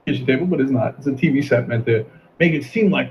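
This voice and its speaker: A man hosting a video commentary, talking in a sarcastic, mocking way and sometimes breaking into shouts. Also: high voice, fast talker. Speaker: commentary host. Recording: dull lo-fi sound with faint noise.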